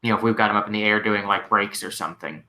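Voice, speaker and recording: A man hosting a casual live-stream Q&A, answering questions as a working mechanic, relaxed and rambling with lots of "like" and "you know". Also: fairly low pitch, rapid-fire. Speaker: host answering viewer questions; mechanic, shop owner.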